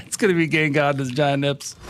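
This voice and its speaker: A man talks casually on a live stream, telling crude jokes and dissolving into frequent laughter. He speaks slowly, and his voice swoops around a lot. A light hiss of background noise sits under him. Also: on the high side, bright, forceful tone.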